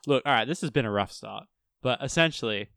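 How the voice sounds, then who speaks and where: A man's voice: mid-range voice, lively intonation, brisk, creaky, a bit bright, no room sound, clean studio sound. A young man co-hosting a casual podcast, goofy and playfully clueless, cracking jokes. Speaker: podcast co-host.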